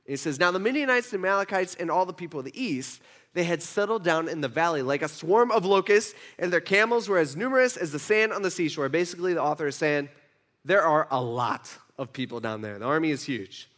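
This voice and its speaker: Guy preaching a sermon, pretty high voice, acts out the bible characters as he goes. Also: brisk. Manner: animated storytelling, voices biblical figures with rising pitch. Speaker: pastor.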